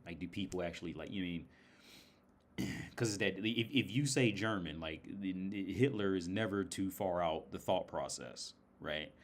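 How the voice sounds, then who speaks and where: American man, livestream host, rambling, profane, lowish voice. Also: normal speed, slight background noise. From United States. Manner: rambling, profane, laughs often. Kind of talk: casual livestream talk.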